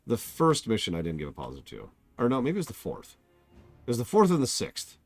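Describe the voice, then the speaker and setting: A man giving casual, animated live-stream commentary while reviewing a game, laughing and joking at his own mishaps. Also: mid-range voice, quick pace, no room sound, faint music behind. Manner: animated, laughing, self-mocking.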